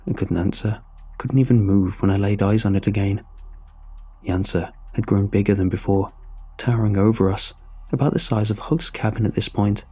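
Male horror narrator, dark husky low voice, faint music bed. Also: steady tone, normal speed. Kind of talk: scripted horror story narration. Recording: soft music underneath.

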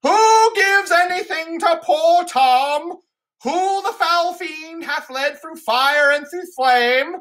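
A woman's voice: very high-pitched, slow, a bit bright, voice pushed up, exaggerated voice. A woman voicing a young man who feigns being a raving mad beggar, wild and chanting.

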